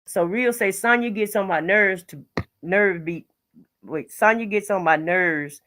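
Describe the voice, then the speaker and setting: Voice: mid-range voice, unhurried, sharp tone. A casual livestream host who reads viewer comments aloud and reacts with blunt opinions, often restarting words mid-sentence. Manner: frequent restarts and repeated words. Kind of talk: casual live chat commentary.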